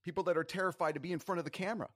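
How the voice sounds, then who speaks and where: A man's voice: sits high, fairly even intonation, rapid-fire, fairly bright tone, no room sound, studio quality. A man speaking as an interview guest, in an emphatic, motivational way. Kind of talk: casual interview talk.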